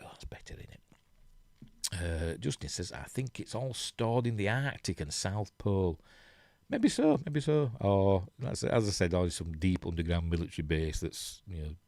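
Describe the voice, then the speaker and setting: Yorkshire bloke rambling on his live stream, low-ish voice, keeps going "isn't it?", dry close sound. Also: darkish tone, dry recording. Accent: Yorkshire English. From Yorkshire, England. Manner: chatty, rambling, chuckles, asks rhetorical tag questions. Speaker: host of a news live stream. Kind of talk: casual live stream commentary, reading articles aloud.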